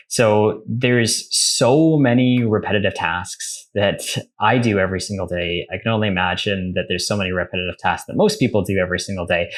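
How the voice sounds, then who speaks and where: A young man hosting a casual screen-share tutorial, chatty and self-correcting, reading his typed prompts aloud slowly. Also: fairly low pitch. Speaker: tech tutorial host.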